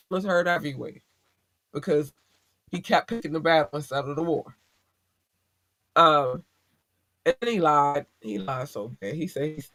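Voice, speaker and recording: Blunt, profane man, slightly high voice. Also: a bit bright, dry recording. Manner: blunt, profane, preachy advice-giving. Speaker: podcast host. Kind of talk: casual podcast monologue.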